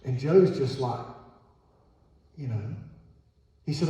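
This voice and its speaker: A man's voice: fairly high pitch, expressive, a little slow, long pauses, warm tone. A man pastor preaching a sermon, telling a story and acting out its people. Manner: storytelling with quoted dialogue. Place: church sanctuary. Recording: echoey church hall from far off.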